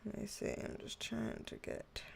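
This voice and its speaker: A woman's voice: unhurried, slight background noise. A woman, chatting casually on a livestream as a tarot reader, greeting viewers by name and laughing often while sounding tired and yawning.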